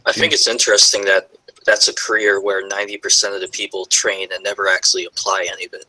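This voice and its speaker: Fast, husky, bright-toned man. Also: lowish voice, little pitch movement, rough recording. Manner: musing, hesitant, restarts often. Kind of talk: casual chat.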